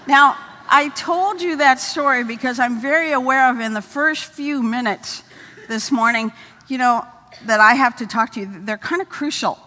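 An older woman speaking at a conference, telling humorous stories in a lively way and often repeating her words. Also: high-pitched, normal speed, in a large hall. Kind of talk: storytelling conference talk. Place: conference hall stage.

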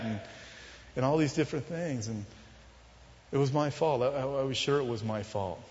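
A man telling a personal testimony as a sermon, in an earnest, confessional storytelling manner that often drops soft and low. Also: moderate pace, pauses often. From Southern California. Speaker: preacher telling his testimony. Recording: muffled, with long hall reverb.

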